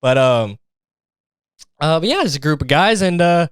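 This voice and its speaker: Young male podcast host, smooth clean voice, dry close sound, loose profane rambling comedy. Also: fairly high pitch, expressive, normal speed, no room sound. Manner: rambling, profane, restarts and mimics others for laughs. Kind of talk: casual comedic monologue.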